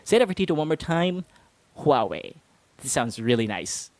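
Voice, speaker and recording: A man's voice: a little high, big pitch swings, fairly quick, a little mellow, no room sound. A man hosting a casual English pronunciation lesson, playful and chuckling often as he drills listeners. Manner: playful, chuckles often, calls himself Tito. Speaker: English pronunciation teacher and host.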